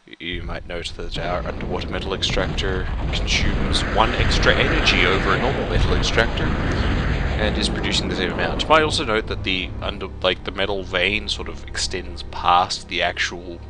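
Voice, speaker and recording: A man commentating a strategy game he is playing, breaking from calm explanation into exasperated, swearing outbursts. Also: sits low, normal speed, heavy background noise. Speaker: let's play commentator. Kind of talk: gameplay commentary. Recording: game music behind voice.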